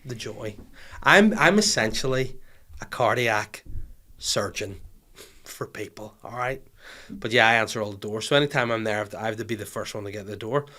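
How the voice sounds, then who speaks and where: A man's voice: fairly low pitch, moderate pace. A man with a Northern Irish accent hosting a podcast, telling comic stories with lots of swearing and acted-out voices. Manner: animated, swears freely, acts out voices in anecdotes. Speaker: podcast host. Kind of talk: comic storytelling chat.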